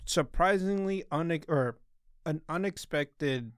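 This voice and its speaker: A man's voice: fairly high pitch, slow pace, no room sound, studio quality. A man hosting a casual podcast, talking in a loose, rambling way with plenty of swearing. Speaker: podcast host.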